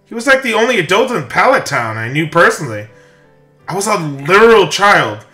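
A man giving rambling, animated let's-play commentary while reading a game aloud. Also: high-pitched, a little fast. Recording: echoey room, faint music.

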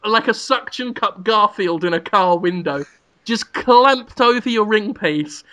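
A young man with a bright, forceful voice, spinning a crude comic bit on a podcast. He giggles as he talks and throws himself into the joke. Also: high-pitched, a little slow. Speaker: podcast co-host. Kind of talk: comic riffing.

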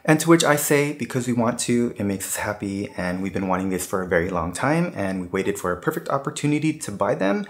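A man's voice: fairly low pitch, slight background noise. A man vlogging a haul of things he bought on a trip, chatting casually to his viewers with plenty of asides.

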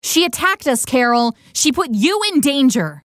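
A woman's voice: sits high, sing-song, moderate pace, a bit bright, dry recording, clean studio sound. A woman voicing an earnest young heroine who talks in a thoughtful, reasoning way, in a video game.

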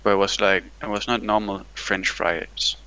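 A young man with a bright, forceful voice sits somewhere on the lower side of the pitch range. He talks in loose, rambling bursts, swearing and joking with a friend over a game. It is casual gaming chat, full of laughs and restarts. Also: level tone, moderate pace, clean tone, rough recording. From Denmark.

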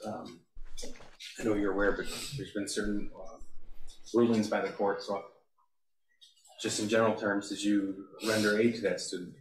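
A man's voice: on the low side, level tone. Man, prosecutor, courtroom examination, methodical, distant roomy audio, faint hiss. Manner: measured, methodical questions. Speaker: prosecutor questioning a witness.

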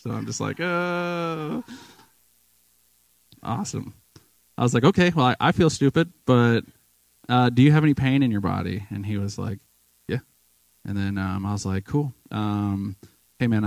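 Male speaker, low and gravelly, chatty storyteller who does the voices of the people in his stories. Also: a little mellow, no echo, poor audio. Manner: storytelling, acts out quoted people. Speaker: guest speaker at church. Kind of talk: casual testimony sermon. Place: church sanctuary.

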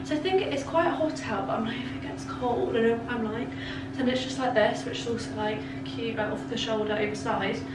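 A young woman vlogging in a casual, excitable way, chatting to a handheld camera and full of "like" and "literally". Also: on the high side, a little fast. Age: young adult. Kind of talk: casual vlog chat to camera. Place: on the move, outdoors and in student rooms. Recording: noisy handheld vlog audio.

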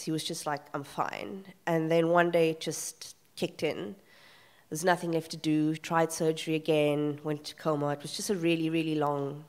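A woman panel guest at a live festival talk, telling a painful family story candidly and emotionally, with many pauses and fillers. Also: low-pitched. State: emotional, near tears. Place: festival event room.

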